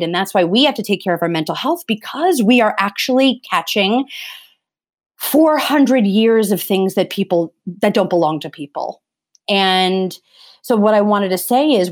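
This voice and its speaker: A middle-aged woman talking earnestly in a conversation, emphatic and often restarting her phrases. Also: mid-range voice. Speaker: theatre vocal coach.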